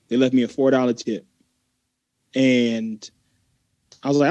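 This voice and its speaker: Man telling an animated story, dry sound. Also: mid-range voice, a little slow, long pauses, no room sound. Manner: animated, mimics customers in his story. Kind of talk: casual podcast storytelling.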